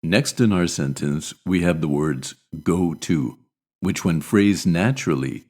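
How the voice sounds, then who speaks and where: A man with a General American accent narrates a scripted pronunciation lesson. His voice sits very low, and he takes his time over every word. He models each sound deliberately, repeating it so learners can follow. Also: a little mellow. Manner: deliberate, slowly demonstrates sounds. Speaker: English pronunciation teacher.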